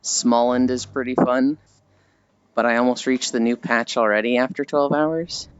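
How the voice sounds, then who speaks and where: A man's voice: mid-range voice, moderate pace, clear, resonant tone, highs cut off. Rambling man streaming while walking. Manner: rambling, self-deprecating, animated mock voices. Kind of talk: casual chat with stream viewers.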